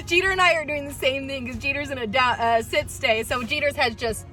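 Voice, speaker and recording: A woman's voice: high voice, a little fast, few pauses, pushed and bright, faint music behind. A woman dog trainer in a casual vlog, chatting and retelling stories with lots of ums.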